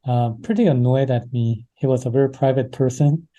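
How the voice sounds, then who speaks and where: A man recounting events in an interview, his tone deep, mellow and dark. He speaks haltingly, pausing on fillers and restarting his sentences as he goes. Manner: hesitant, many fillers and restarts. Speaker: interview guest. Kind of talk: casual interview storytelling.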